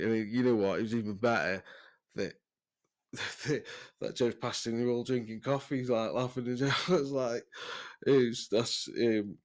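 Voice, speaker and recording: Man, very low voice, casual sweary storytelling, laughs a lot. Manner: rambling, sweary, laughs often. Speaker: podcast host.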